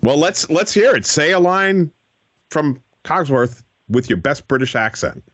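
A man's voice: fairly high pitch, lively intonation, unhurried, fairly bright tone, no echo. A man hosting a radio interview show, asking children encouraging follow-up questions from a studio.

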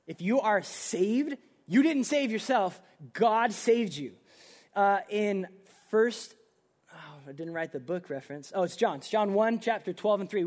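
A young man preaching a sermon in a casual, animated way, with everyday slang. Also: sits high. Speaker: pastor.

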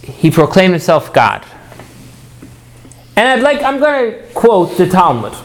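A man's voice: high-pitched, wildly swooping pitch, a little slow, slight background noise. A man teaching a Torah class, often repeating words as he starts and putting questions to his listeners.

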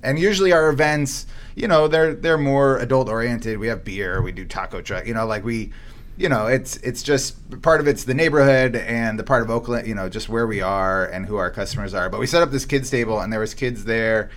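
A man's voice: medium pitch, fairly quick, a bit bright, slight background noise. A man who runs a comic shop, telling loose rambling stories on a casual podcast with plenty of fillers and the odd swear.

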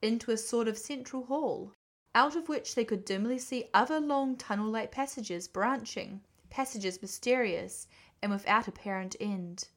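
A woman reading a classic children's book aloud, gentle and expressive. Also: fairly high pitch, normal speed. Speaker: storyteller.

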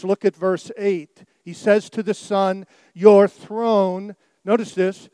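Middle-aged guy preaching, slow and deliberate, big loud lines then drops way down quiet. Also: high voice, steady tone, clear, resonant tone, dry recording. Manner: swings between loud emphatic peaks and quiet, dropped phrases. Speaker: pastor. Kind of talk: sermon.

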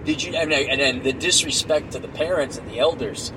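A man's voice: a little high, expressive, normal speed, few pauses. A middle-aged man hosting his podcast alone while driving, talking in a blunt, profane, exasperated way. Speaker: podcast host. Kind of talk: solo rant while driving. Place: inside a moving car. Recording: road noise from a car.

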